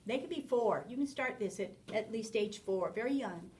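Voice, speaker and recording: High-voiced woman teaching a parenting class. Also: normal speed, distant mic, very noisy. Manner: animated, acts out little dialogues with children. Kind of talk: spoken class lecture.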